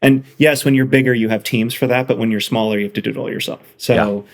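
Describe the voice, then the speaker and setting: A man with a gravelly voice, chatting as a guest on an interview show. He rambles, restarts his sentences and gets excited about his product. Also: medium pitch, fast talker. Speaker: guest, software founder. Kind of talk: casual interview chat.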